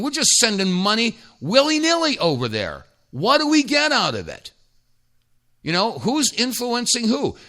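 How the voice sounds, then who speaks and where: Talk radio host guy, sarcastic and emphatic, pitch jumps all over, kinda bright. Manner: sarcastic, emphatic, rambling with restarts.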